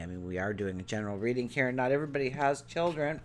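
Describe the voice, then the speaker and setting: A man's voice: medium pitch, steady tone, fast talker, hardly any pauses, slight background noise. A man giving a daily tarot reading to his viewers, talking in an earnest, rambling way with many fillers and restarts. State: choked up. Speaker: tarot reader.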